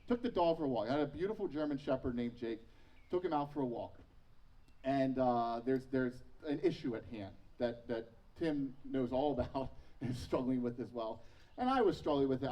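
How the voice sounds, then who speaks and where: Pastor in his thirties, fairly high voice, lively self-mocking sermon, picked up from a distance in a church. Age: 30s. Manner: animated storytelling with self-mocking humor. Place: church sanctuary.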